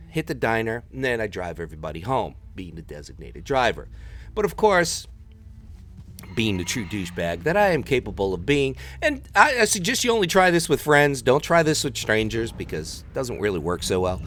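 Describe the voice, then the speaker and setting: A man's voice: lowish voice, fairly bright tone, slight background noise. A man hosting a gaming video, telling a joking, self-mocking story over his gameplay commentary.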